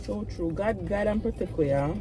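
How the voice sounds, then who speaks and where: A woman's voice: medium pitch, normal speed, dark tone. A woman chatting casually, chiming in and affirming a friend. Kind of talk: casual chat.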